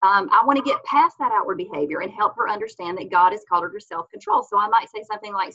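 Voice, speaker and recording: A woman guest on a faith-based parenting podcast, explaining earnestly and acting out the gentle words she says to her children. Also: mid-range voice, lively intonation, fast, hardly any pauses, breathy edge, lo-fi sound. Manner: earnest, explanatory, acts out mother-child dialogues.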